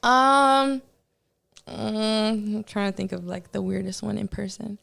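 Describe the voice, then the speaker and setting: A woman's voice: mid-range voice, level tone, measured pace, vocal fry, a bit bright. A woman rapper, a guest on a podcast, chatting casually, swearing often and breaking in with exclamations. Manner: loose and profane, exclaims often. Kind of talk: casual interview chat.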